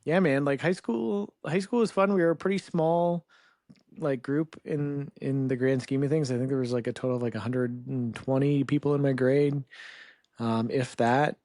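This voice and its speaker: A man in his thirties from Canada, a podcast guest talking in a relaxed, rambling way full of "like" and "you know". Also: medium pitch, normal speed, no room sound, clean studio sound. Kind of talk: casual interview chat.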